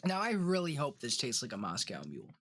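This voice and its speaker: A man co-hosting a casual podcast chat, relaxed, laughing often and trailing off into restarts. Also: medium pitch, fast talker. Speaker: podcast co-host.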